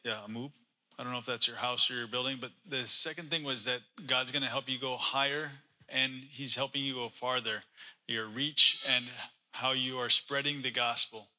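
Bright-toned man sharing a prophetic word. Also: medium pitch, fairly even intonation, rough recording. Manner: measured, reporting what he heard.

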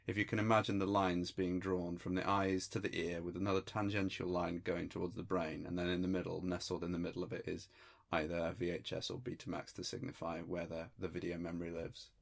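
Deadpan low-voiced man with gravelly creak. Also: fairly quick, hardly any pauses. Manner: deadpan, rambling mock-serious musings. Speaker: podcast co-host. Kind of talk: improvised comedy podcast banter.

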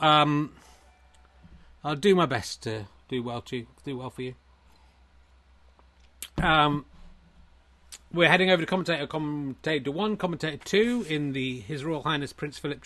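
A man's voice: a little high, moderate pace, long pauses, a bit bright. A man hosting a comic solo sketch, full of wry, self-mocking asides. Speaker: comedian host.

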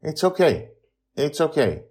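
A man's voice: a little high, sing-song, measured pace, a little mellow, voice pushed up. A man playing a protective dad. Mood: reassuring. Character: protective worried father in his prime.

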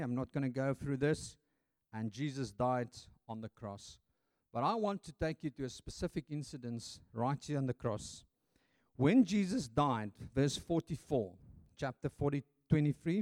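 A man preaching a sermon with a slightly high voice, recorded dry and close. His delivery is dramatic, swelling loud and then dropping to a hush. He stumbles now and then on fillers and restarts. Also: no room sound. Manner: dramatic, swinging from loud to hushed.

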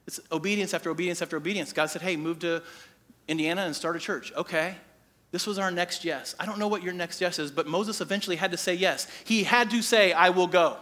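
Bright, high-voiced preacher man. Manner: animated storytelling, quoting people in his own voice. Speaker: pastor. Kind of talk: sermon.

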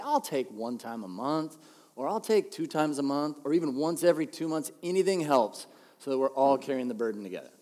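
Middle-aged male pastor, joking sermon delivery, fairly high voice, long hall reverb. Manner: conversational, joking, animated.

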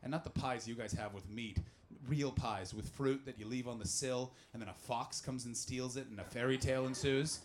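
A man's voice: mid-range voice, moderate pace, a little hiss or hum. A young man doing a stand-up comedy set, telling rambling, profane, self-mocking stories and throwing questions at the crowd. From Canada.

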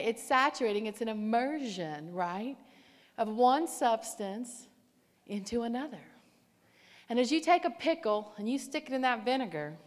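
A woman preaching a sermon, telling a personal story in an animated, emphatic way. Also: on the high side. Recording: echoey hall reverb.

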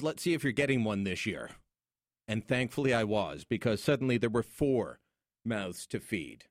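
A man's voice: medium pitch, no echo, studio quality. A middle-aged Canadian man hosting a radio show, telling a personal story with wry humor in a casual on-air monologue. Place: radio studio.

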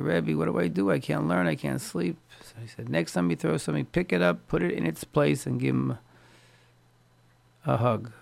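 A man's voice: a little high, gravelly, darkish tone, no echo. A man, a rabbi, delivering a storytelling sermon with speech, repeating key words and mixing in Yiddish and Hebrew terms.

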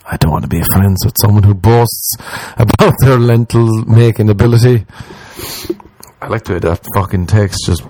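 A man's voice: lowish voice, moderate pace, mellow, dry recording. A man, a comedian ranting in a profane, exasperated way and mimicking the people he talks about. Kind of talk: rambling comic rant.

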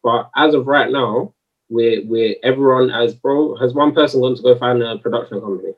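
A man's voice: mid-range voice, moderate pace, far from the mic, lo-fi sound. A man in a heated, slangy podcast discussion, arguing his point. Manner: animated, slangy, argumentative.

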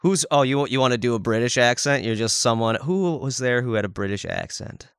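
A man's voice: mid-range voice, fairly quick, fairly bright tone, clean tone, dry recording, clean studio sound. A man co-hosting a podcast, rambling and joking crudely in casual chat. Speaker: podcast co-host.

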